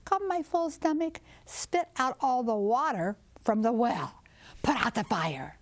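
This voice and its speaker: A plucky little rooster with a sing-song crow keeps demanding what is his, put on by a woman telling a picture-book folktale. The voice rides high and bright in the calls. It is storybook play, bold and stubborn. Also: very animated, unhurried, no room sound. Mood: commanding.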